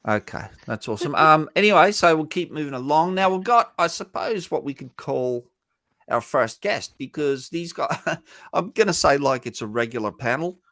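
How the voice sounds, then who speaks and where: Man, host, casual panel chat, rambling with fillers, gravelly voice, dry sound. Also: fairly high pitch, animated, normal speed, pushed and bright, dry recording. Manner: rambling, loose, with frequent fillers.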